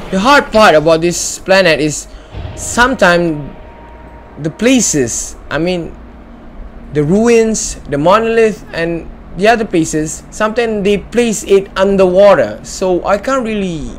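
A man's voice: sits high, animated, takes it slowly, slight background noise. A man hosting a casual let's-play video, chatting playfully as he explores, joking and talking back to the game. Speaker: gamer and channel host.

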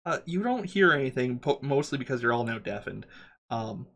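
A man narrating a tabletop role-playing session as game master, his pitch sitting squarely in the middle. He describes each scene haltingly, pausing on ums and uhs as he goes. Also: expressive, fairly bright tone.

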